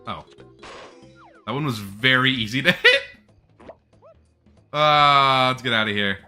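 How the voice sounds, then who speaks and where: A man's voice: medium pitch, takes it slowly, sharp tone, faint music behind. A man giving chatty, jokey, casual commentary while playing a video game. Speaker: gameplay streamer.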